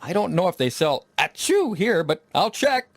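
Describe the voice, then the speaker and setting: Lively man reading practice dialogue. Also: high-pitched, normal speed, no room sound.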